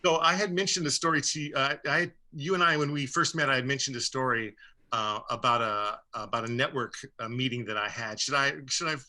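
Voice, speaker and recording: Guy with a really bright voice rambling through a story on a radio show, lots of ums. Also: mid-range voice, fairly quick. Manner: rambling, many fillers and restarts. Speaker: guest. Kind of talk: conversational storytelling.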